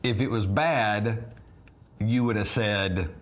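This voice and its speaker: A man's voice: lowish voice, takes it slowly. A man co-hosting a podcast, chatting casually and playfully. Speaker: podcast co-host. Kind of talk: casual chat.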